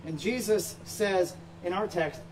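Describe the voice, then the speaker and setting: A male pastor with a high-pitched voice preaches to his church in the sanctuary, unhurried yet emphatic, posing rhetorical questions. The mic is distant and picks up faint background noise.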